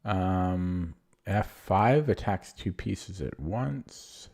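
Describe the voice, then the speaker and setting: A man streaming chess, thinking aloud in a low-key, muttering way as he works through puzzles and questions his own moves. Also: lively intonation, extremely slow, creaky, a little mellow. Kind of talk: casual thinking aloud while solving puzzles.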